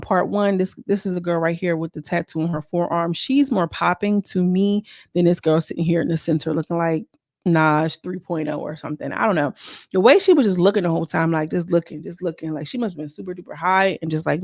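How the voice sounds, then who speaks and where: A show reviewer with a medium-pitched voice gossips casually through a reality show recap, speaking directly to her viewers and addressing them as "girl." Her delivery is slangy and chatty, and the recording is clean studio sound with no room sound.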